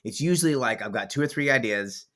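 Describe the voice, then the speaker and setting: A man's voice: medium pitch, animated, fast, a bit bright. A man hosting a podcast as author and coach, talking in a blunt, emphatic way with vivid swearing. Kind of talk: casual podcast conversation.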